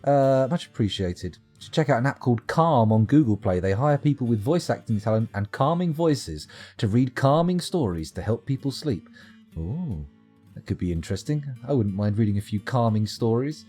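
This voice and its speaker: Lively, husky man streaming. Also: mid-range voice, moderate pace, soft background music. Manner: jokey, rambling, reads chat aloud. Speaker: game streamer. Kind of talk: casual live-stream commentary.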